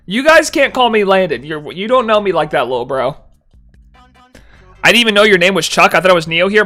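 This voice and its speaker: Bright-voiced young man streaming casually. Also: high voice, animated, brisk, soft background music. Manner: mock-annoyed, reads chat aloud, laughs between lines. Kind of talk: casual live-stream chat.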